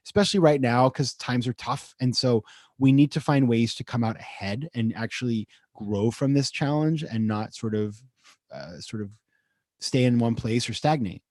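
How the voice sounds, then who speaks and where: A man speaking as an investor guest in a casual webinar interview, acting out quoted messages with lively shifts in his voice. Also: normal speed, no room sound, studio quality. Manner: animated, acts out quotes with rising pitch.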